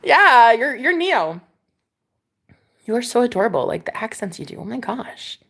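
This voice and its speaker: A woman's voice: fairly high pitch, very animated, moderate pace, vocal fry, fairly bright tone. A woman vlogger chatting casually with her live viewers, telling stories dramatically and swearing freely. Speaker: vlogger talking to live chat. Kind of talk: casual livestream chat.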